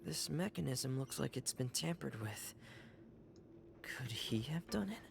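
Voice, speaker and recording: An actor playing a quiet young man in a video game, speaking in a low-key, pensive way. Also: animated, measured pace, gravelly, noisy background. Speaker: game character. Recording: game audio with music. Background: game music.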